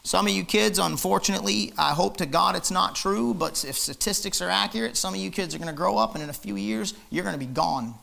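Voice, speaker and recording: Fiery gravelly-voiced preacher man. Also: high-pitched, a little fast, few pauses, sharp tone. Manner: fiery, emphatic, repetitive preaching. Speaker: pastor. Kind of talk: sermon. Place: church.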